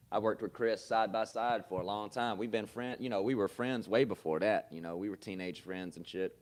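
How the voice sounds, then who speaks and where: A man's voice: fairly low pitch, normal speed. Profane storytelling podcast man. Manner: loose, swearing, laughs often, animated bursts. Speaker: podcast host. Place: comedy club.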